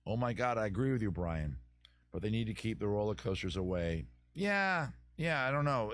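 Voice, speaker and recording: A man's voice: lowish voice, very animated, normal speed, no echo. A middle-aged man hosting a casual live stream, answering viewer comments in a rambling way, often restarting sentences and swearing casually.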